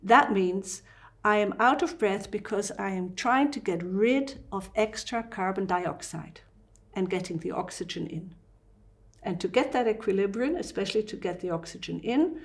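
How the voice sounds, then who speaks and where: A woman fasting doctor with a Dutch accent, explaining fitness and breathing in an interview with lively asides. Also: medium pitch.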